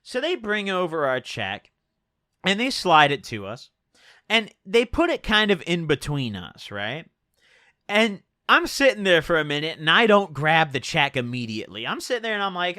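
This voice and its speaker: A young man telling a personal story on his channel, animated and exasperated, swearing freely. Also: on the high side, moderate pace, no room sound, studio quality. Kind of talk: storytime vlog.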